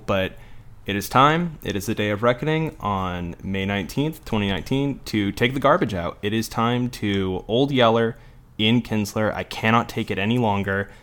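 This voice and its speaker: A young adult man on a casual podcast, ranting with heat and dry sarcasm and swearing freely. His voice sits a little low. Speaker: podcast co-host. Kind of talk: heated casual podcast rant.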